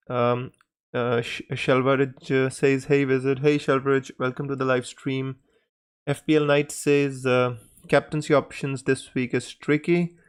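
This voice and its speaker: A man hosting a casual live stream Q&A, greeting viewers by name and talking in a hesitant, pausing way. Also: mid-range voice, clean tone.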